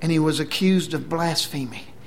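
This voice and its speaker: A man preaching a sermon, retelling scripture dramatically, dropping to a whisper and then booming out. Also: normal speed, gravelly, a little hiss or hum.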